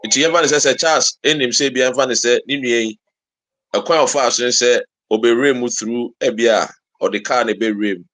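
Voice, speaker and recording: A man's voice: medium pitch, fairly even intonation, a little fast, a bit bright, no room sound. A man co-hosting, passing questions to the lawyer and adding short interjections. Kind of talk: casual moderation.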